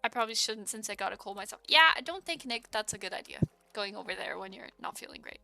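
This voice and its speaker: A young woman streamer chatting casually with her viewers while she plays, giggling often and breaking into excited exclamations. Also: mid-range voice, fast talker, gravelly, faint music behind.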